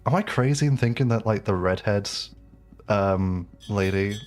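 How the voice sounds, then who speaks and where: A man's voice: lowish voice, moderate pace, darkish tone. A man with an English accent chatting casually with his live-stream audience while playing, rambling with lots of fillers and restarts. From England. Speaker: game streamer.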